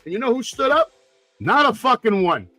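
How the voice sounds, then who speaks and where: A man co-hosting a casual podcast chat, telling profane stories that often rise to excited shouting. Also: very high voice, normal speed, no room sound, soft background music. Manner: loud, profane storyteller, gets excited and shouty. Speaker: podcast co-host.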